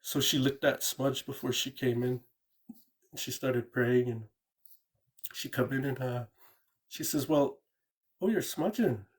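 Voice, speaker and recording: A man's voice: medium pitch, level tone, measured pace, long pauses. A man calling in to tell a true ghost story in a rambling, casual way, often repeating words and saying "you know". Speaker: caller sharing a ghost story.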